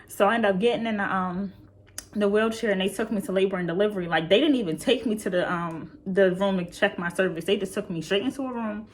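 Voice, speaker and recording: A young woman telling a casual storytime, chatty and full of fillers, talking straight to her viewers. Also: medium pitch. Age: young adult. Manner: chatty, frequent fillers, addresses viewers directly. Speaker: vlogger.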